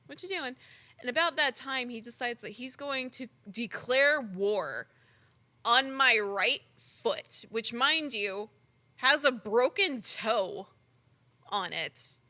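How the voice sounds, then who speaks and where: A young woman co-hosting a podcast, telling stories in an animated, casual way full of "like" and the odd swear word. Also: fairly high pitch, slow. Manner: animated storytelling, frequent "like" and swearing. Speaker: podcast co-host. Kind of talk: casual chat.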